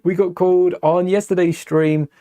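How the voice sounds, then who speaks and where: A man's voice: sits high, steady tone, moderate pace, warm tone. A young man hosting a casual live stream, chatting and thinking aloud while building, often correcting himself mid-sentence.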